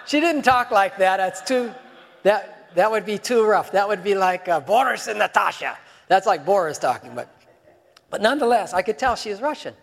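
A man with a high voice preaches a sermon, talking to the listeners as if in casual conversation and throwing out rhetorical questions. His voice rings with the long reverb of a large hall. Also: lively intonation, normal speed, creaky, fairly bright tone.

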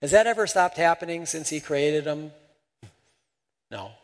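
A man preaching a sermon and leading a prayer, stressing points by repeating words and swinging from loud to soft. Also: a little high, measured pace, long reverb tail. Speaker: pastor.

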